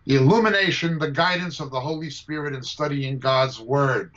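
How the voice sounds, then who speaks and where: Guy teaching bible stuff over a video call, high sharp voice, really forceful, keeps repeating himself, muffled audio. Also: moderate pace. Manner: forceful, combative, repeats key points. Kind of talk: emphatic teaching answer to a question.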